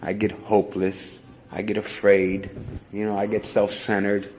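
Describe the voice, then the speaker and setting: A man's voice: lowish voice, monotone, unhurried, a little mellow, poor audio. Rambling man sharing his recovery story. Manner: rambling, heavy "you know" fillers, self-mocking. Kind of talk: personal testimony talk.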